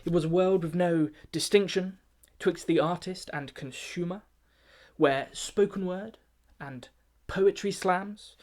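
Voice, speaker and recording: A pompous, snobbish poetry gatekeeper, as a man puts him on, declaiming rhymed verse with grand self-importance. His voice sits a little high, measured and rhythmic like an official giving a briefing. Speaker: comic poet. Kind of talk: comic rhyming spoken-word satire.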